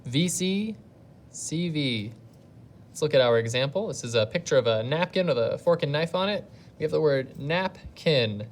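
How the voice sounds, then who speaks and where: A woman's voice: low-pitched, animated, normal speed, slight background noise. A woman teacher giving a recorded reading lesson to young pupils at home. She talks patiently and thinks aloud step by step. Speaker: elementary school teacher.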